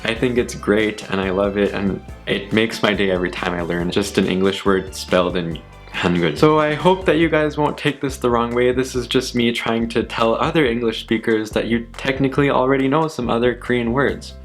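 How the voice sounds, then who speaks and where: A young man chatting casually on his channel, laughing often at himself and repeating words slowly to practice saying them. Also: medium pitch, faint music behind. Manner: giggly, self-deprecating, repeats words slowly. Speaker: YouTuber. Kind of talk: casual vlog, word list.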